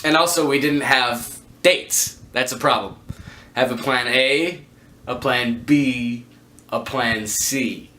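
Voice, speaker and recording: A man vlogging a rambling storytime to camera, joking at his own expense with quick asides. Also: mid-range voice, pushed and bright. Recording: echoey room.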